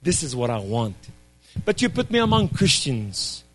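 A man giving an impassioned testimony sermon, swinging between loud cries and hushed, low speech. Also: very animated, moderate pace, soft background music.

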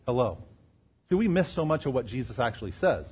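Husky-voiced preacher man, emphatic and dynamic. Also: big pitch swings, a little fast. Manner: asks the crowd rhetorical questions; swings between loud emphasis and quiet lows. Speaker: pastor. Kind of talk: sermon.

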